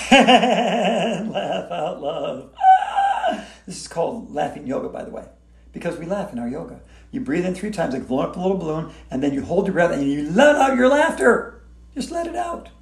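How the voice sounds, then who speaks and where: Gravelly high-voiced man leading playful yoga. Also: big pitch swings, quick pace. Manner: whimsical, gently encouraging. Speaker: yoga instructor. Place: hotel room. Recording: roomy echo.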